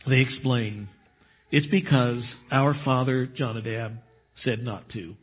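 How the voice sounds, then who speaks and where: A man's voice: mid-range voice, slow pace, slightly rough. A man preaching a sermon, reading scripture aloud and explaining it with emphasis. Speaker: pastor. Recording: tinny phone-like sermon recording.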